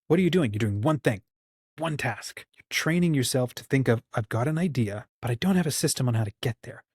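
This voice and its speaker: Casual channel host, male, husky tone, dry close sound, rambling and encouraging. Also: mid-range voice, lively intonation, fairly quick, darkish tone, no echo. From United States. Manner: rambling, encouraging, acts out quoted dialogue. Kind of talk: casual livestream talk.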